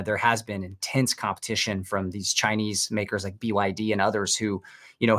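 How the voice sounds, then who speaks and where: Male co-host, lowish voice, analytical and measured, talks markets. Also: a bit bright. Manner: measured, analytical, hedging with "you know". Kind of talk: casual market commentary.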